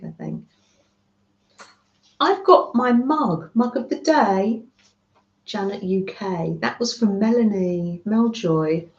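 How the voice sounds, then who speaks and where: A middle-aged woman from the UK hosting a craft livestream, gushing and chatting with her viewers. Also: mid-range voice. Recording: roomy, dull lo-fi home stream audio.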